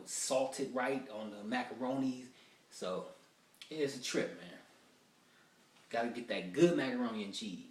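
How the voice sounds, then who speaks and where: A man working through rough stand-up material in a loose, rambling way, acting out the people he talks about. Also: lowish voice, echoey room, recorded from a distance. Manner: loose, rambling, acts out quoted voices. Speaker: stand-up comedian. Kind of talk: rough-draft stand-up rehearsal.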